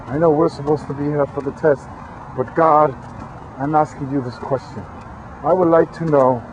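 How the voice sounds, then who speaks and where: A man's voice: mid-range voice, a little mellow. A man hosting a rambling comic monologue, full of playful rhyming wordplay, repetition and crude jokes. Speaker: host of a channeling recording. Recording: dull lo-fi recording with faint traffic noise.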